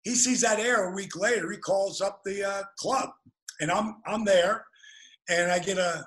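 A man telling animated stories as an interview guest, with quick restarts. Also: high voice, rough recording. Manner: animated, fast-moving storyteller with restarts. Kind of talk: interview storytelling.

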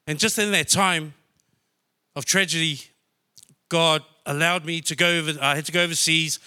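A man's voice: on the high side, brisk, bright, forceful tone. A man from New Zealand telling a personal testimony in church, emotional and heartfelt. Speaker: church member sharing testimony.

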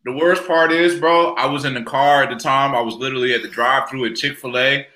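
Male podcast panelist, boastful and playful, bright tone, roomy sound. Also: mid-range voice, steady tone, fast. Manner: boastful, playful, trash-talking. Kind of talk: joking casual chat.

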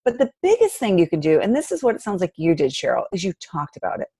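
A woman's voice: lowish voice, very animated, quick pace, vocal fry, dark tone, slightly rough, dry recording. A woman guest on a podcast giving earnest advice on teaching kids about money. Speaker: guest, personal finance author. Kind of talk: interview answers.

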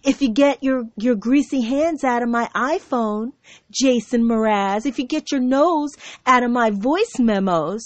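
A woman's voice: a little high, a little slow, no room sound. Aggrieved woman ranting, dry close sound. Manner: aggrieved, sarcastic, mocking voices of critics. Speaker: show host. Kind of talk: ranting monologue to camera. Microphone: computer mic.

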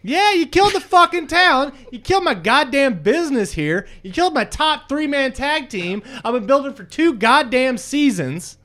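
Brief: bossy, profane wrestling booker, loud and scolding, as a game master puts him on. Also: male voice, high voice, expressive, moderate pace. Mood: furious. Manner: profane, scolding, barking orders. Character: big, bossy, foul-mouthed male wrestling booker.

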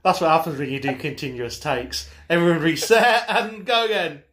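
A man's voice: fairly high pitch, normal speed, a bit bright. A man co-hosting a casual film chat, dropping easygoing asides while laughing along.

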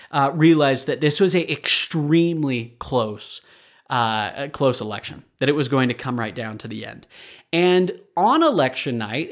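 A young man in his twenties talks through a history podcast in a loose, rambling way. He is chatty and corrects himself mid-sentence. He sounds a little tired, as if recording late at night. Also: a little high. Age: 20s. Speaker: podcast host. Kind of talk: casual history podcast talk.

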